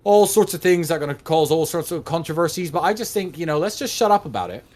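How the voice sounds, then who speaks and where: Male guest, 30s, slightly higher voice, blunt and profane, casual chat. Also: lively intonation, fast talker, a little mellow. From United States. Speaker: livestream guest. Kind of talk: casual conversation.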